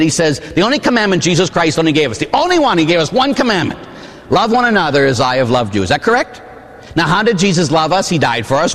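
A priest in his forties from Pittsburgh, preaching a sermon with animated storytelling and asides to the congregation. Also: on the high side, in a large hall. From Pittsburgh, USA. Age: 40s. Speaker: Catholic priest. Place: church.

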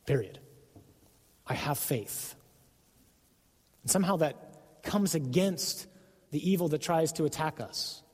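Earnest male preacher, slightly high voice, echoey hall. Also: darkish tone, breathy edge. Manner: earnest, emphatic, acts out the devil's voice. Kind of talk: sermon.

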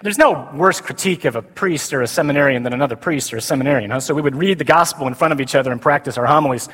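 A man, a Catholic priest preaching a sermon to a men's conference, animated, swinging from loud emphasis to slow, quiet declarations. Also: medium pitch, crowd noise, background noise. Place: large conference hall. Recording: reverberant conference hall.

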